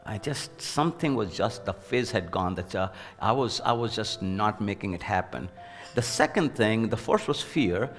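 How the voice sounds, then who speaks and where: A man with a fairly low voice tells an earnest, anecdotal story about his working life, his delivery turning animated when he quotes other people. His speech rings with a long reverb, and faint music plays underneath. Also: moderate pace, few pauses. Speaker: former university president, leadership speaker. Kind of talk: storytelling in an interview.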